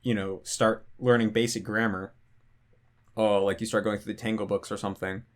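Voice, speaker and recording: A man's voice: fairly low pitch, level tone, normal speed. A young man hosting a casual Q&A, explaining things loosely with lots of "like" fillers and restarts. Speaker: language-learning channel host. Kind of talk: casual Q&A monologue.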